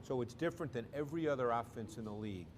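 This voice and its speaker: A man with a New York accent, a football analyst explaining a team's offense in a measured, emphatic way on a pregame panel show. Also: medium pitch, a little hiss or hum.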